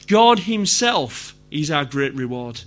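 A man's voice: fairly high pitch, very animated, takes it slowly. A middle-aged man with a Yorkshire accent preaching a sermon in a conversational way, putting questions to the congregation. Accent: Yorkshire English. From Yorkshire, England.

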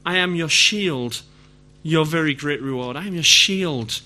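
With a Yorkshire English accent, a middle-aged preacher from Yorkshire, England, addresses his congregation in a bright, forceful, high-pitched voice. He keeps things conversational at a measured pace, regularly asking the people listening questions.

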